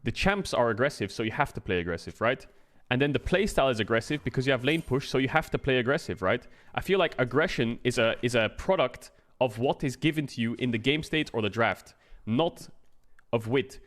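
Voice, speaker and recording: A man's voice: mid-range voice, animated, a little fast, fairly bright tone. A man streaming a casual explanatory rant, talking it through conversationally, often checking in with the listener and swearing now and then. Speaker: streamer and game analyst.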